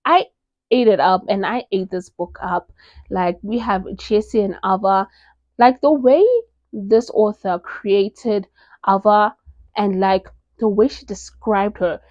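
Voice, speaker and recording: A woman's voice: mid-range voice, takes it slowly, dry recording. A young woman from South Africa, gushing her way through book recommendations in an easy, chatty tone and scattering "like" everywhere. The sound is close and dry, with no room in it, and a bit dull and muffled at the top end. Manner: gushing, animated, filler-heavy with many "like"s. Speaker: book reviewer. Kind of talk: casual book recommendation vlog.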